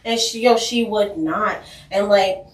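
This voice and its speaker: A woman co-hosting a podcast in casual chat, telling animated stories and acting out quotes. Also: medium pitch, a little slow. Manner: animated storyteller, acts out quotes. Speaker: podcast co-host. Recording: roomy, distant mic.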